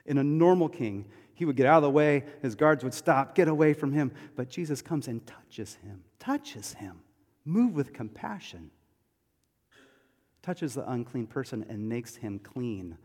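Male pastor, sermon, emphatic, loud then hushed, long reverb of a big hall. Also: medium pitch, very animated, measured pace.

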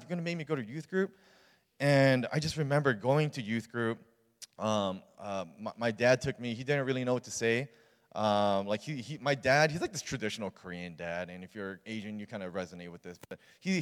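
A young man, a youth pastor, telling a personal story in a sermon in a casual, earnest way with many fillers. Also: mid-range voice. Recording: long reverb of a large hall.

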